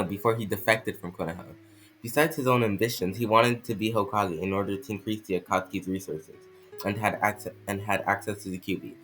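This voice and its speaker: A man playing an eager ninja who presses his point, his low voice carrying a light French accent. He stumbles and restarts often, with faint music underneath. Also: fairly bright tone, lightly acted, poor audio. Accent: put-on French accent. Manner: stumbling, halting reading with restarts. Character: middle-aged male ninja investigator, eager and insistent.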